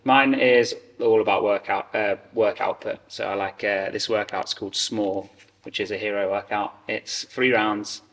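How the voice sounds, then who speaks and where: Low-voiced man, far off in a reverberant room. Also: steady tone, moderate pace, fairly bright tone. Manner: easygoing, short agreeing interjections, joking. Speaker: podcast co-host. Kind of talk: casual fitness chat. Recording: distant from mic with long reverb.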